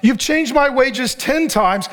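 A middle-aged man preaching a sermon, animated and joking, acting out the people he reads about. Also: very high-pitched, slow pace. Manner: animated, joking, acts out the characters' lines; preaching to a laughing audience. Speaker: pastor.

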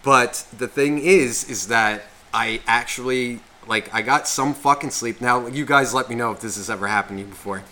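A man's voice: mid-range voice, moderate pace, hardly any pauses, pushed and bright. A man co-hosting a podcast, telling a rambling story in casual chat full of swearing. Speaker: podcast co-host.

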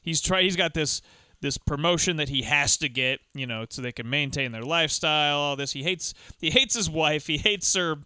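A man chats loosely about a movie, rambling, cursing and breaking into little impressions of the characters. His voice is bright and sits a touch high. It is recorded close and dry, with no room sound. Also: normal speed, clean tone, no echo. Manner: rambling, profane, acts out movie scenes. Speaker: podcast co-host. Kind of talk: casual movie chat.

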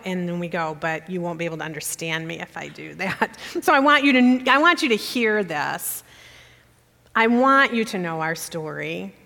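A woman's voice: on the low side, gravelly, bright, forceful tone. A woman giving a personal church talk as guest speaker, emotional and holding back tears as she speaks. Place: church sanctuary. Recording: long hall reverb.

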